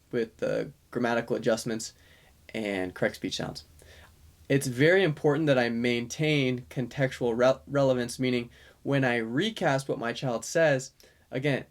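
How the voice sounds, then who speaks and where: Speaking at medium pitch, a man explains a strategy to parents in a course lesson; he's a speech-language pathologist with a calm manner, using fillers and correcting himself as he goes.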